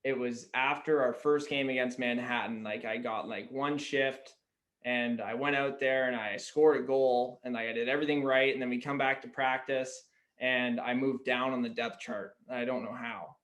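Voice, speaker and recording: Young male guest, Canadian-raised pro athlete: even, flat delivery, candid and chatty. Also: medium pitch, moderate pace. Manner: candid storyteller, peppered with "like". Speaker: guest, pro lacrosse player. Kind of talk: casual podcast chat.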